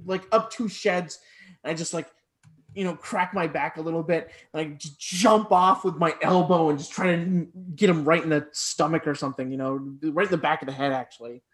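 Somewhat high-voiced male player. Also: steady tone, a little fast. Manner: hesitant, casual. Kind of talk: tabletop game play.

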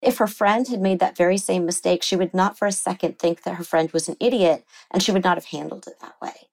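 A woman psychotherapist talking in an interview, animated and explaining ideas, often slipping into quoted voices. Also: lowish voice, brisk, vocal fry. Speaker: psychotherapist guest. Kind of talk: conversational interview.

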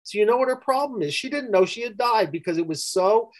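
A man with a notably high voice tells a story from his therapy work, leaning hard on key words and repeating them for emphasis. He speaks in a conversational, unscripted way. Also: expressive, fast talker, low-quality recording.

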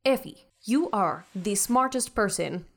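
A woman's voice: medium pitch, lively intonation, measured pace. A woman voicing a haughty female ship computer in a tabletop game, boastful and openly threatening. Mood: imperious.

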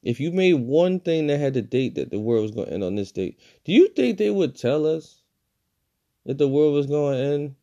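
A man giving a casual, profane movie review, swinging between loud outbursts and low mutters. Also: sing-song, normal speed, lo-fi sound.

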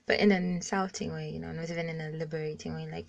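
A woman's voice: deep voice, level tone, fast talker, gravelly, dry recording, lo-fi sound. A young woman in her twenties from Zambia telling a frank personal story in a casual voice message, talking bluntly, swearing freely and using "like" as a filler often. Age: 20s. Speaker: caller sharing a story. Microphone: phone voice message.

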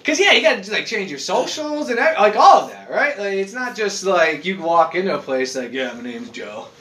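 A man in casual chat, rambling and animated, swearing as he goes. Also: high-pitched, a little fast. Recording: echoey room.

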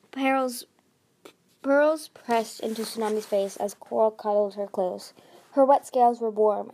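Woman reading a storybook aloud, halting. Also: a little high, dark tone. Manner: slow, halting reading with restarts. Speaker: audiobook reader. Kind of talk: amateur audiobook narration.

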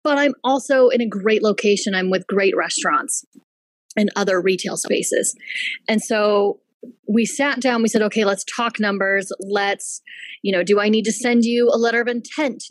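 A woman, a henna artist and business owner, telling a story in casual chat, animated, laughing and swearing freely. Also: mid-range voice, moderate pace, dry recording, rough recording. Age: adult with a child.

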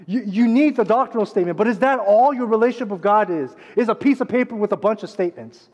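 High-voiced man preaching. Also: quick pace, highs cut off. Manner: preaching with dramatic swings between loud and hushed. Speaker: pastor. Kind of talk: sermon. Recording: long reverb of a large hall.

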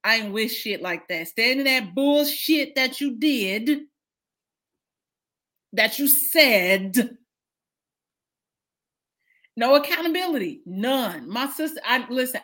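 A woman in her thirties chatting casually over a video call, blunt, profane and animated, often laughing. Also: a little high. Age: 30s. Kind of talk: casual chat.

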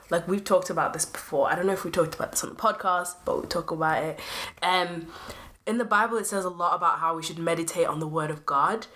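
A woman's voice: fairly low pitch, a bit bright. A young woman, co-hosting a casual faith podcast in a chatty, playful way. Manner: chatty, lots of fillers, playful. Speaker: podcast co-host.

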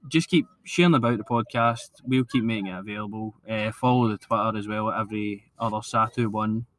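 A Scottish man co-hosting a casual football podcast, calmer and agreeable, steering the chat along. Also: fairly low pitch, fairly quick, slight background noise. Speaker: podcast co-host.

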